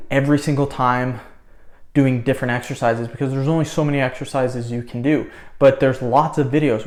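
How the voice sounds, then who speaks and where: A man's voice: medium pitch, a little mellow. A young man, a fitness vlogger, talking casually to the camera between sets, out of breath as he counts his reps. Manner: counts reps, breaks off to chat. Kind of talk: casual talk to camera during a workout.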